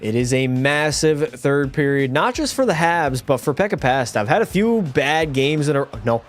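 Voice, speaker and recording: A man's voice: on the high side, moderate pace, few pauses, soft background music. A young man streaming a hockey game live, talking to his chat, swearing and getting fired up, a bit tipsy. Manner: profane, excitable, talks to chat. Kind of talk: live gameplay commentary.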